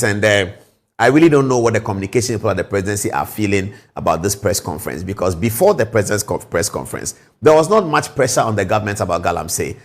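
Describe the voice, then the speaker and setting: Animated male news commentator. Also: mid-range voice. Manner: animated, emphatic, rhetorical questions.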